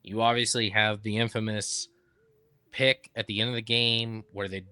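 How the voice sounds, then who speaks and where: A man's voice: on the low side, level tone, moderate pace, sharp tone, clear, resonant tone, dry recording. A man co-hosting a sports talk show, making his case with stats and repeating key points for emphasis. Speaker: sports podcast co-host. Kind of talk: casual sports debate.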